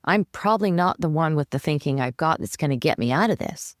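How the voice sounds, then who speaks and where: A woman's voice: deep voice, animated, brisk, no echo, clean studio sound. A woman coach giving advice as a podcast guest, talking animatedly and acting out her own inner voice. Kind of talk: conversational advice.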